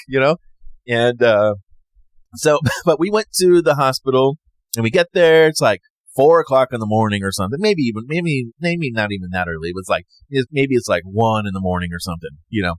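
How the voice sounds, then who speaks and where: A man's voice: mid-range voice, fairly quick, dry recording. A man casually telling a personal story, rambling and acting out what others said. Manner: rambling, animated, acts out others' lines. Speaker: podcast host.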